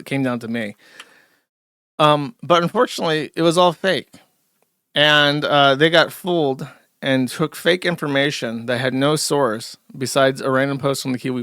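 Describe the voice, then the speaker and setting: Gravelly man ranting sarcastically. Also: mid-range voice, sharp tone, no room sound, clean studio sound. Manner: rambling, sarcastic rant with many restarts. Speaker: host. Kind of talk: livestream commentary.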